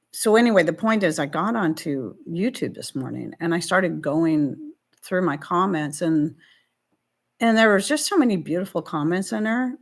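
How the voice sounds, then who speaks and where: A middle-aged woman hosting a live stream, talking through viewer questions in a heartfelt, faith-filled way, rambling and restarting, fighting back tears. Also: on the low side. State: emotional, near tears.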